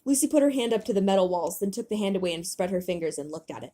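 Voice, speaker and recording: A young woman with a husky, slightly breathy voice reads her own childhood novel aloud. Her pitch swings widely as she acts out the dialogue, and she keeps breaking off to mock her old writing. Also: racing. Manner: animated reading, breaking into laughter.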